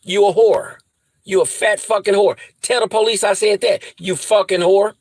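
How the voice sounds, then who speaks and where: A man's voice: sits high, steady tone, moderate pace, darkish tone, dry recording, rough recording. A man ranting angrily to his viewers, profane and threatening, repeating insults over and over. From US Midwest. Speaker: vlogger. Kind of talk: angry rant to camera.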